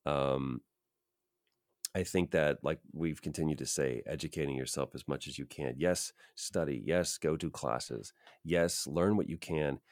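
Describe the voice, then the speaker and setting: A man with an extremely deep, low voice speaks as a guest in an interview, earnest and emphatic as he shares advice from his acting career. The sound is dry and close, with no room echo. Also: darkish tone. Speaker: voice actor, podcast guest. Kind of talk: reflective interview talk.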